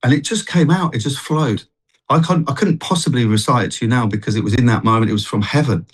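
A man's voice: medium pitch, quick pace, slightly rough, poor audio. Earnest rambling man telling a story. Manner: earnest, rambling, many restarts. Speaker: guest, street worship singer. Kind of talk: telling a personal story in a TV interview.

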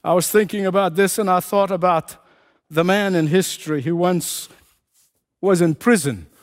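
A man's voice: sits high, moderate pace. A man preaching a sermon with an impassioned, repetitive cadence, hammering his points again and again.

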